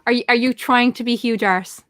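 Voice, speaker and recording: A woman's voice: fairly high pitch, fairly even intonation, brisk, a bit bright. A woman hosting a casual live chat show, bubbly and chatty, laughing often. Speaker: host.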